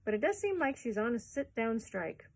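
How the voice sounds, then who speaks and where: Cheery male peddler with sing-song folksy patter, put on by a woman storyteller, slightly husky. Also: a little high, big pitch swings, normal speed, a little mellow, heavily acted. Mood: jolly.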